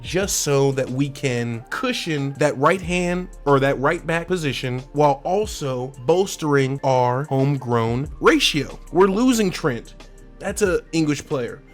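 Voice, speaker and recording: A man hosting a casual football transfer talk, animated and slangy, laughing often and asking the fans questions directly. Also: fairly high pitch. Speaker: sports channel host.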